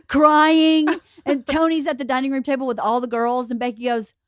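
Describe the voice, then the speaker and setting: A woman hosting a podcast, telling a story in a lively, laughing way. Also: high voice, fairly quick, hardly any pauses, dry recording, clean studio sound. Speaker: podcast host. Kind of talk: casual storytelling chat.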